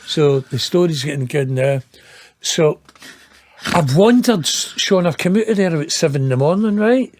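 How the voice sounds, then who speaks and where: A man's voice: fairly high pitch, lively intonation, moderate pace, darkish tone. A Scottish man in his fifties, a guest telling a long story in an interview, rambling and profane, laughing and poking fun at himself. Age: 50s. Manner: rambling, profane, laughs at his own tale, self-mocking.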